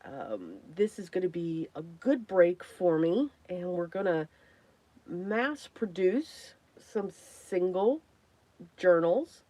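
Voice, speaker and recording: Hoarse woman slowly chatting on a craft livestream. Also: fairly low pitch, very animated, dark tone, dry recording. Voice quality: frequent throat clearing and coughs. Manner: chatty, greets viewers by name. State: hoarse, worn voice. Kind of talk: casual livestream chat.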